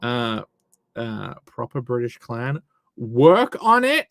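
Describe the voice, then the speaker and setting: On a live stream, a man rambles and jokes, reading viewer messages and swearing freely. His medium-pitched voice is sing-song, slow, gravelly, and a bit bright, captured in clean studio sound with no room ambience.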